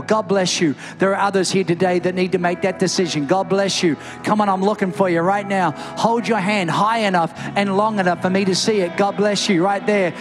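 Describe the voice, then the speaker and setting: A middle-aged man preaching in a church with a notably high voice, fervent and rising toward shouts. Soft music plays faintly underneath. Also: in a large hall. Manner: impassioned, builds to near-shouts. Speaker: pastor. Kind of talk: sermon with altar call. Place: church service, also streamed online.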